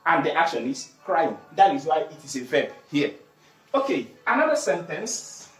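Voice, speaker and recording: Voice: mid-range voice, big pitch swings, normal speed. An English teacher giving an online grammar lesson, repeating key words and posing questions, then answering them. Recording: roomy echo, faint music behind.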